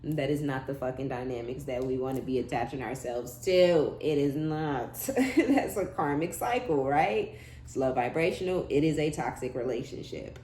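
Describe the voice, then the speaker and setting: Low-voiced blunt woman reading tarot. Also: lively intonation, moderate pace, warm tone. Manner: blunt, profane, laughing asides, slangy. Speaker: tarot reader. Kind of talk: casual tarot reading monologue. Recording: echoey room with faint background hum.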